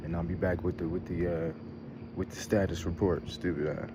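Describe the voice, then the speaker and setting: A man's voice: low-pitched, level tone, fairly quick, noisy background. A young man, hosting a casual travel vlog, rambling and swearing as he talks through his frustration and laughs at it. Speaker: show host.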